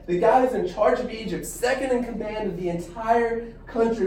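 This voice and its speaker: A young man teaching a Bible class in a lively, animated way, acting out the story with restarts and asides. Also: high-pitched. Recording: echoey room from far off.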